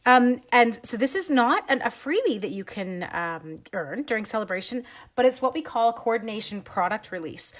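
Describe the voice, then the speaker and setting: A woman's voice: fairly high pitch, very animated, moderate pace. A Canadian woman hosting a live craft stream from home, chatting and giggling at herself as she stamps and colors and greets viewers by name.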